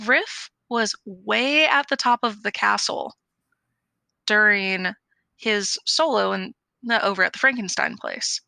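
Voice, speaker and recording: Woman podcast co-host, heavy vocal fry, bright edge, dry close mic. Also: mid-range voice, measured pace, no room sound. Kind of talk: casual podcast chat.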